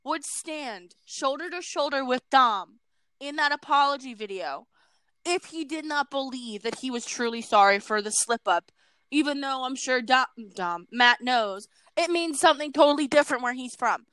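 A woman's voice: sits high, animated, normal speed, fairly bright tone, clean tone, dry recording, poor audio. A woman hosting a casual chat, speaking in an earnest and emphatic way. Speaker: host.

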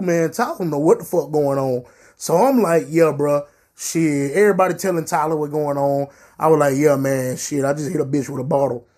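A young man telling a profane, animated story on his podcast. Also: fairly high pitch. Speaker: podcast host. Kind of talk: casual storytelling.

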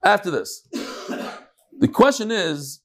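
Guy teaching talmud, kinda high voice, jokey and animated. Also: takes it slowly. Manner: animated, joking, mixes Hebrew and Yiddish terms. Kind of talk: lively Talmud class with students.

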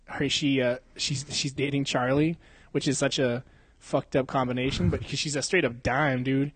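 A man's voice: mid-range voice, steady tone, normal speed, slightly rough, no echo. A young man in his twenties chatting crudely on a podcast. He swears constantly, uses slang and breaks into laughter often. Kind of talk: crude casual banter.

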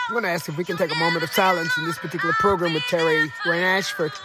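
A man's voice: on the high side, steady tone, quick pace, hardly any pauses. A man hosting his own talk show, giving an emphatic monologue that sounds like a sermon, hammering home the same phrases again and again. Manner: repetitive, emphatic, preacher-like. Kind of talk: impassioned solo monologue. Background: music.

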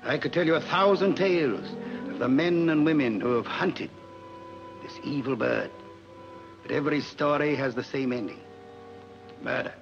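A man's voice: mid-range voice, moderate pace, gravelly, long pauses, lightly acted. A man playing an ominous, confiding narrator in an old film trailer, heard over music on a dull vintage soundtrack.

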